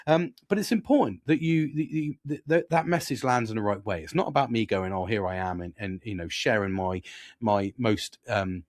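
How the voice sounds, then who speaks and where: An earnest British man in his forties speaks in a reflective podcast monologue, swearing freely and circling back on himself with restarts. His voice sits at an ordinary pitch for a man. The recording is dry, with no room sound. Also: lively intonation, moderate pace, no room sound. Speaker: podcast host.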